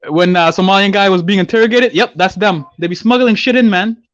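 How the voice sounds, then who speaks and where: A man from South Sudan hosting a casual podcast chat, rapid and talking over his guest. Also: high-pitched, fairly bright tone, no echo, dull audio. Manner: rapid, talks over others. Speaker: podcast host.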